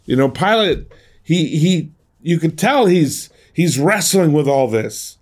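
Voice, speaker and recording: A man's voice: on the high side, lively intonation, takes it slowly, a little mellow. A middle-aged man giving an earnest sermon as a pastor, often restarting and repeating words as he goes.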